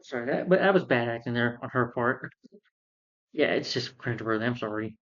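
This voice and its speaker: A man's voice: medium pitch, lively intonation, fairly quick, fairly bright tone, dull audio. A man giving a rambling, casual recap of a film as a reviewer. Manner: rambling, with fillers.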